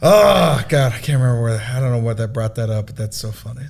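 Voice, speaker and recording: A man's voice: mid-range voice, expressive, fast, vocal fry, a little mellow. A man on a podcast telling loose, profane stories, laughing as he goes. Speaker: podcast guest. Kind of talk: casual podcast storytelling.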